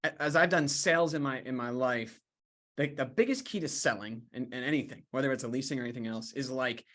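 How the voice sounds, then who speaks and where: A man hosts a relaxed conversation with a guest. He is easygoing and affirming, and he thinks aloud with plenty of "um" and "like". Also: mid-range voice, a little fast. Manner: easygoing, affirming, with frequent fillers. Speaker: host. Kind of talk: casual interview chat.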